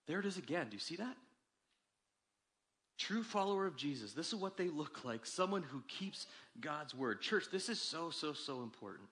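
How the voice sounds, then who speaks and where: A man preaching a sermon as pastor, with animated delivery that climbs for emphasis and drops low and quiet. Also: normal speed, slightly rough.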